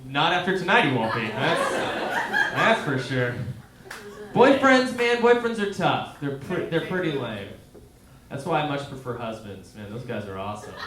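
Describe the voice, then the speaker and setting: This comic's mid-range voice swings widely in pitch at a moderate pace as he works a small theater crowd. His style is conversational, full of questions to the audience, and their laughter comes through the roomy live recording.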